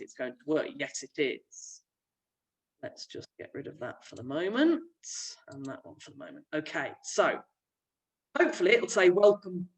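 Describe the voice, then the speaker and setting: A woman's voice: low-pitched, far from the mic, rough recording. A young woman, a primary school teacher, chattily explaining a remote lesson while sharing her screen. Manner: friendly, chatty classroom explaining.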